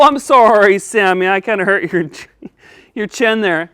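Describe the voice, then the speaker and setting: A man's voice: high voice, moderate pace, fairly bright tone, smooth, no room sound. A man hosting a children's speech lesson, patiently coaching a puppet. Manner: patient and encouraging. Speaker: host.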